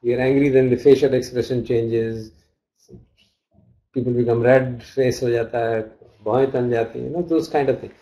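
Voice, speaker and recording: A man's voice: mid-range voice, fairly even intonation, moderate pace, warm tone, highs cut off. A man teaching a study class, reading out texts and glossing Pali terms as he explains them. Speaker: dharma teacher.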